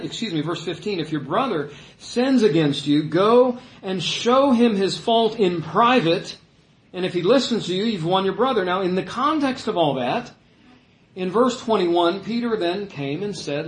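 A man's voice: high-pitched, expressive, normal speed, reverberant, rough recording. A male pastor preaching a sermon in a conversational way, rising to emphatic peaks.

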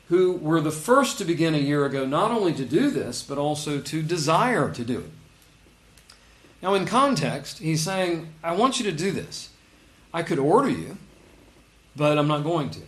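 A man preaching a sermon, reading scripture aloud and stressing key words with earnest emphasis. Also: a little high. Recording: roomy echo.

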